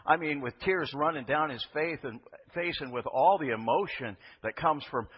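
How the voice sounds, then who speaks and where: A man's voice: a little high, normal speed, slightly rough. A man preaching a sermon in a conversational way, asking his listeners rhetorical questions. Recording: dull reverberant hall recording.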